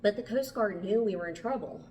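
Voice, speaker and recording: A woman's voice: mid-range voice, fairly quick, a little mellow, slight background noise, close to an everyday voice. A woman reading the lines of an anxious, hopeful man who keeps pressing for reassurance. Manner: earnest, persistent questioning.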